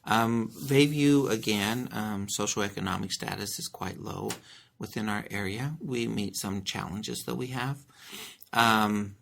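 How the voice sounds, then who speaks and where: A man who is an elementary school principal, answering interview questions earnestly, with many pauses and restarts as he explains his school. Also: fairly low pitch, vocal fry, a bit bright, a little hiss or hum.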